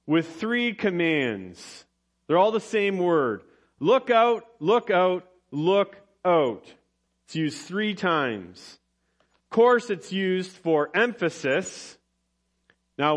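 Man, pastor, sermon, slow deliberate delivery, slightly high voice, humorous asides. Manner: expressive preaching with humor and rising emphasis.

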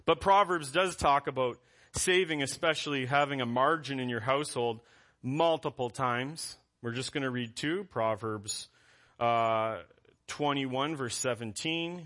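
A man's voice: medium pitch, unhurried, fairly bright tone. A man preaching a conversational sermon as pastor, reading scripture aloud between asides.

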